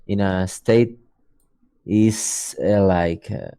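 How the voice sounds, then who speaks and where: A man's voice: low-pitched, fairly even intonation, extremely slow, creaky, dark tone, smooth, no room sound. A man from Ecuador talking as a guest in a casual online chat, hesitant and searching for words. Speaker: guest developer.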